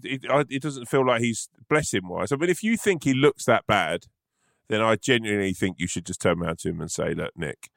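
A man chats loosely as co-host, rambling and poking fun at himself while laughing often. His voice sits low but swings widely in tune, and the sound is very dry and close. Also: vocal fry, no echo. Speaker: podcast co-host. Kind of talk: casual comedic chat.

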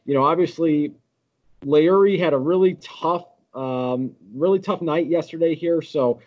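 A man's voice: a little high, a little slow, a little mellow, highs cut off. A man guesting on a sports podcast, ranting in a fired-up, profane way. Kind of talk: casual sports podcast rant.

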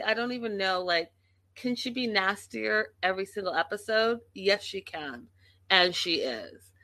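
A woman's voice: mid-range voice, bright, forceful tone, no room sound. A woman recapping a reality show in a casual, indignant vlog, emphatic and swearing freely. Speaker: reality TV commentator.

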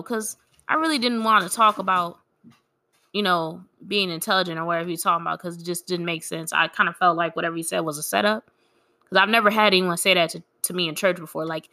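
Bright-voiced grieving woman venting. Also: on the low side, steady tone, a little fast. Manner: candid, frank, quietly aggrieved. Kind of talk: casual personal storytelling.

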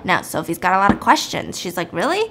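A woman's voice: fairly low pitch, fast, background noise. A woman hosting, animatedly retelling a movie plot in casual chat. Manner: animated storytelling. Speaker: podcast host.

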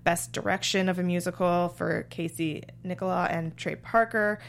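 A woman in an easygoing podcast conversation. She hedges her points with "like" and "um". Her voice is slightly low-pitched. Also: normal speed. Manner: relaxed, hedging, filler-heavy. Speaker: podcast co-host. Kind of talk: casual chat.

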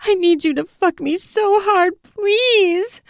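A woman voicing a breathless young woman who pleads in a high, needy voice. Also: slow, no echo, clean studio sound, exaggerated voice. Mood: pleading.

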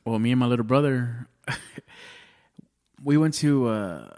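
A man in his thirties with a twang rambles through a story in a relaxed podcast chat. He curses freely, restarts his sentences and keeps tossing in "dude". His voice sits at an ordinary middle pitch. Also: measured pace. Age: 30s. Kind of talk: casual chat.

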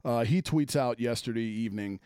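A man's voice: medium pitch, a little fast, mellow, clear, resonant tone, no echo, clean studio sound. Profane, exasperated sports podcast man. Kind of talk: casual sports rant.

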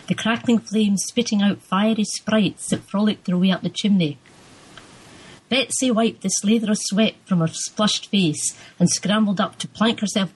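A woman's voice: mid-range voice, breathy edge, rough recording. A woman author with a Scottish accent, reading from her novel with rolled R's and chatting.

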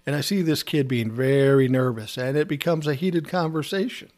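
A man's voice: medium pitch, normal speed, a little mellow. A man telling a casual anecdote from his time as a music producer, acting out the dialogue and swearing freely. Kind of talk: casual spoken storytelling.

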